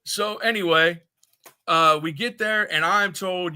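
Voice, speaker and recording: Bright-voiced man, laid-back guest. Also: high-pitched, a little slow, clear, resonant tone. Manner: laid-back, short agreements, rambling recollections. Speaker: podcast guest. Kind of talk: casual chat, reminiscing.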